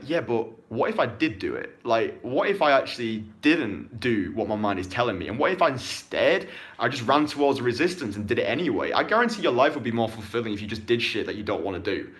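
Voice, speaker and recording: A man with a British accent, a dating coach ranting and answering questions in a vlog, swearing heavily and talking emphatically. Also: fairly bright tone. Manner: profane, emphatic, fast-swinging pitch. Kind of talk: motivational rant and Q&A vlog.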